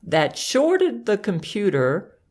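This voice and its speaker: A woman hosting, narrating a scripted story in a wry, unhurried reading manner. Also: mid-range voice, wildly swooping pitch, a little mellow.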